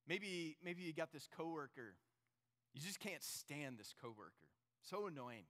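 A man's voice: a little high, animated, unhurried, fairly bright tone. A man preaching a sermon to his congregation, earnest and storytelling, speaking straight to the listeners. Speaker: pastor. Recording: long reverb of a large hall.

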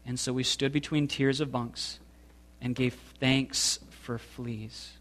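A man reading a memoir passage aloud to listeners in a slow, deliberate, expressive way. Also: medium pitch. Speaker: reader.

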